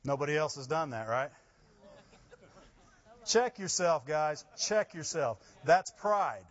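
A man preaching a sermon, rising to loud emphasis with laughing asides. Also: fairly high pitch, big pitch swings, slow, dull audio. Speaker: pastor.

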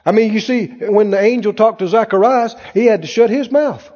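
A man with a strikingly high, lively voice preaches a sermon, lobbing constant questions at his listeners. The sound is muffled and lo-fi. His words ring out with a long reverb through a church sanctuary. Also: normal speed. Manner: animated, quizzing the congregation with questions. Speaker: pastor.

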